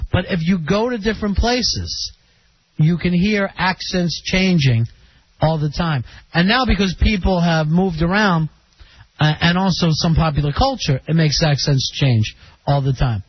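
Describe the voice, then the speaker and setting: A man's voice: high voice, breathy edge. A man hosting a call-in radio show, chatting casually and joking with callers. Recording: dull lo-fi radio broadcast.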